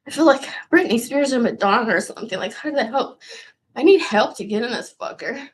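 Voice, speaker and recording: A woman's voice: a little high, lively intonation, brisk, slight background noise. A woman in her thirties hosting a casual livestream, rambling and chatty, swearing freely and trailing off mid-sentence. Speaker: livestream host.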